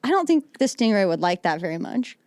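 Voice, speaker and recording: A woman's voice: medium pitch, sing-song, brisk, darkish tone, dry recording. A woman in her late twenties, a comedian guest chatting casually on a podcast, self-deprecating and laughing often. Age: late 20s.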